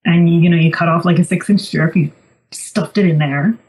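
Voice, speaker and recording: A woman's voice: fairly low pitch, moderate pace, darkish tone, rough recording. A woman co-hosting a podcast, telling stories in a chatty, wry, casual way. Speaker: podcast co-host. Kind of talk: casual chat.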